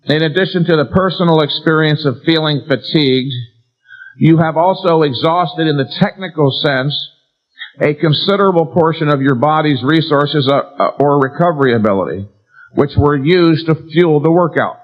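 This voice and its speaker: A man's voice: fairly high pitch, normal speed. Emphatic man lecturing on a lo-fi tape. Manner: emphatic, asks and answers rhetorical questions, stresses key words. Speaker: seminar lecturer. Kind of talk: live lecture to an audience. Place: seminar room before an audience. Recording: dull lo-fi 1990s seminar tape.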